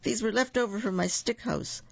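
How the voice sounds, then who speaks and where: Guy voicing a squeaky panicky little pig, high and gravelly, kinda muffled. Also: moderate pace, dry recording. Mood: urgent. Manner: squealing, urgent.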